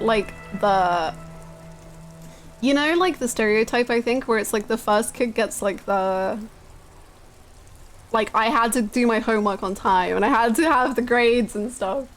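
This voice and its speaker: Brief: young female streamer, lively and laughing, slightly high voice, game music behind. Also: a little slow. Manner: chatty, laughing, animated storytelling. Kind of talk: casual chat while playing a game.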